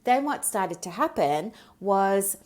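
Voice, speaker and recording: A woman's voice: mid-range voice, lively intonation, takes it slowly, a little mellow. A middle-aged woman hosting a solo podcast, telling a story from her practice in a candid, chatty way and drifting onto tangents. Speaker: podcast host and business mentor.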